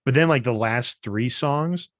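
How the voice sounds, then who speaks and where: 30s guy on a podcast, laid back, rambles a bit, dry sound, normal pitch. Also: a little slow, no room sound. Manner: relaxed, rambling with fillers and restarts. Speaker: podcast co-host. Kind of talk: casual podcast chat.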